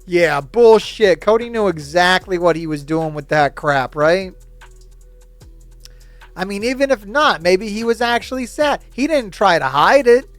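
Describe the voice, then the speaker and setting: A man with a high, crisp voice talks in a casual, opinionated rant, animated and mocking, laughing as he goes. The recording is dry and close, with faint music underneath. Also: unhurried, dry recording. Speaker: host.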